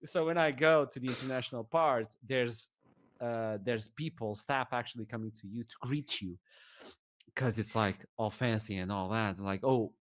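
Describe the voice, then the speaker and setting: A young man with a Portuguese accent, an esports caster guesting on a podcast, telling an animated story with laughs and sudden shouts. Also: mid-range voice, moderate pace, no echo, clean studio sound. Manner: animated, acts out scenes, laughs often, bursts into shouts.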